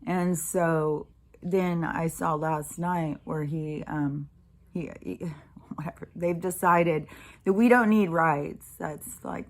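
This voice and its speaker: A woman's voice: deep voice, fairly even intonation, takes it slowly. A woman vlogger in a casual, blunt monologue to camera, swearing freely and mocking others by acting out their lines.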